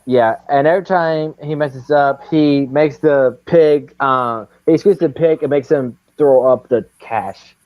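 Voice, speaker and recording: Halting man on a dull, dry mic. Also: on the high side, no echo. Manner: halting, full of pauses. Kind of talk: casual chat.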